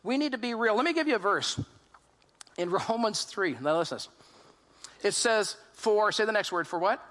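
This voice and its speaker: Pastor, male, high and bright-toned, animated storyteller who quizzes the room. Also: moderate pace. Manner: animated storytelling, asks the congregation questions; acts out quoted voices in his retelling. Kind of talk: sermon.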